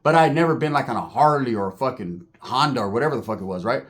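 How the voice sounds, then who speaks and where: Animated profane man telling a story. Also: mid-range voice, rapid-fire. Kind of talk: casual storytelling.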